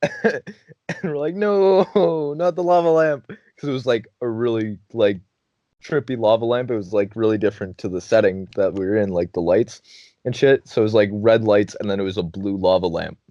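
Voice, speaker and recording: A young man hosting a podcast, telling a story in a casual, animated way, often laughing, swearing and acting out his friends' lines. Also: fairly low pitch, a little fast, no room sound. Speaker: podcast host. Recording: dull dry lo-fi recording.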